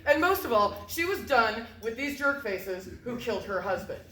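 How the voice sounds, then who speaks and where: A woman telling a story live to an audience, in a lively, joking, casual way. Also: fairly high pitch, moderate pace. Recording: roomy echo.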